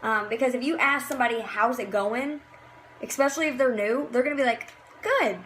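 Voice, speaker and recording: Woman, slightly high voice, casual motivational team leader, chatty with lots of fillers, faint hiss. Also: brisk, fairly bright tone. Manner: chatty, full of fillers, acts out cheery messages. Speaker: team leader in direct sales.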